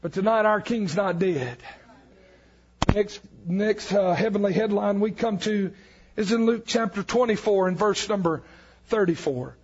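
A man preaching an evangelical sermon, fervent, building up to shouted emphasis on key lines. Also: high voice, a little slow, husky, lo-fi sound.

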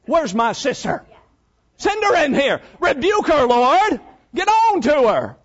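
A man voicing Martha, an overworked, grumbling woman, complaining loudly. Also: very high-pitched, wildly swooping pitch, slow pace, dull audio, pitched above the performer's own voice, full character voice. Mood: indignant complaint. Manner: shouting, complaining.

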